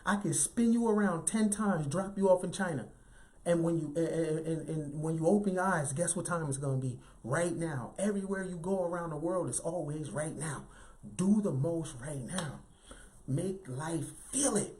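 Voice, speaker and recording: A man giving an animated, emphatic motivational talk in a light, youthful voice, often tagging lines with "right?". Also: fairly high pitch, normal speed. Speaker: motivational speaker.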